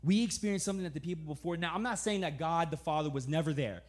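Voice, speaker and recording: A young man preaching a sermon in a casual, animated storytelling way, often laughing, then dropping to a soft, slow, earnest tone. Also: fairly high pitch.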